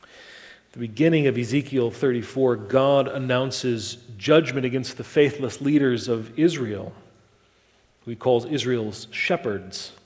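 A man preaching a sermon in a measured, emphatic way, asking rhetorical questions. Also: mid-range voice, a little mellow. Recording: long hall reverb.

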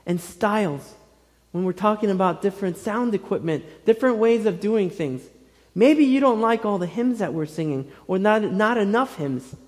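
Earnest higher-voiced pastor in a reverberant hall. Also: male voice, expressive. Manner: earnest, gentle, pausing often in short phrases. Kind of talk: sermon. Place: church sanctuary.

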